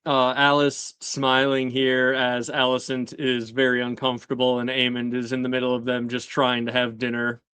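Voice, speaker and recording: A man talks through a TV episode in casual, rambling chat, leaning on fillers and jumping into little acted-out quotes. His voice is bright and smooth, and it sits close and dry with no room around it. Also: monotone, normal speed, hardly any pauses, no echo. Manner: rambling, many fillers, acts out quoted lines with shifting pitch. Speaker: host recapping a TV episode.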